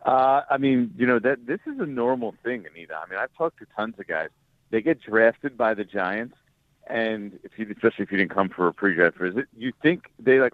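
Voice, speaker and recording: A man, a sports reporter, calling in as a guest and explaining things in a relaxed, rambling way. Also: lowish voice, fairly quick, no room sound. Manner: relaxed, explains at length with fillers. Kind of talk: casual radio interview. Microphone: phone line. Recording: tinny phone line.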